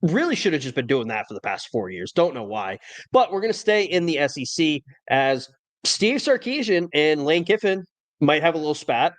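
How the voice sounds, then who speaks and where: A man's voice: fairly high pitch, sing-song, normal speed. A man hosting a casual college football podcast, talking in a wry, opinionated way. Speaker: podcast host. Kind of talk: casual sports talk.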